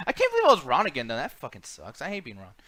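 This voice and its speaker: A man's voice: on the high side, huge pitch swings, fast, sharp tone, no echo. An American man hosting a podcast, rambling in casual chat with lots of swearing and fillers. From United States. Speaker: podcast host.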